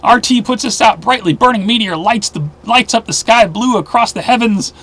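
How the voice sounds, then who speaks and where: A man hosting a weekly news roundup, reading headlines aloud and adding sarcastic asides, often dropping to a low mutter. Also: normal speed, pushed and bright.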